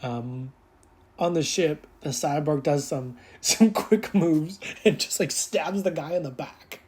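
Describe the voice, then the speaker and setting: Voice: mid-range voice, a little mellow. A reviewer casually recapping a TV episode in a rambling, filler-heavy way, laughing along and acting out bits of the scenes. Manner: acts out characters' lines in quick put-on voices.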